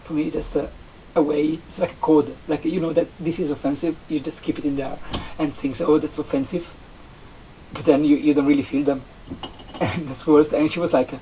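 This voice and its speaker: A young adult vlogger from Italy with an Italian accent, a native Italian speaker chatting casually in English, rambling and halting with many restarts and fillers. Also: mid-range voice, steady tone, warm tone. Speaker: vlogger, seasonal campsite entertainment worker. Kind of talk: casual vlog chat. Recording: distant mic with faint background noise.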